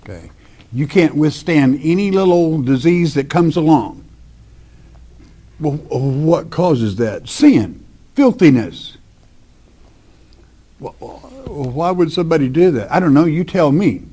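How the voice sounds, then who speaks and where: A man teaching the Bible verse by verse, reading scripture slowly with emphasis and then explaining it in plain, folksy talk. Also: a little high, animated, dark tone.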